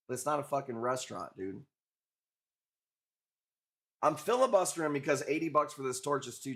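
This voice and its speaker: Chatting with his stream audience while auctioning coral, an Illinois man keeps things casual, jokey, and profane. His medium-pitched, slightly bright voice has lively intonation, runs a little fast, and drops into long pauses.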